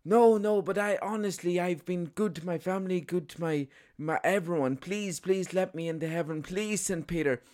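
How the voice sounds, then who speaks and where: A man's voice: normal speed, hardly any pauses, a little mellow, lightly acted. A man doing an impression of a famous footballer who begs and whines to be let into heaven. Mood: pleading. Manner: whiny, begging, voice pushed high. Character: famous French footballer, middle-aged man, pleading at heaven's gate.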